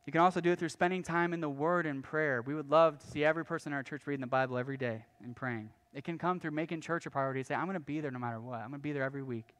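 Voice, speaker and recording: Guy preaching fast in church, sorta high voice, loose and chatty, keeps restarting lines. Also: fairly bright tone. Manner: quick, conversational preaching with frequent restarts and asides. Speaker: pastor. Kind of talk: sermon.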